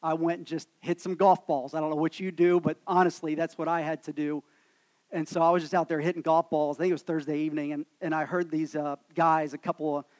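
A man, a pastor preaching a sermon in a church in a conversational, self-deprecating storytelling manner. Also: on the high side. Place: church sanctuary.

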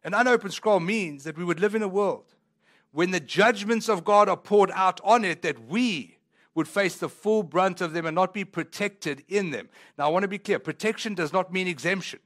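A man's voice: high-pitched, moderate pace, fairly bright tone. A man pastor preaching a sermon in a church, talking conversationally and rising into emphatic swells.

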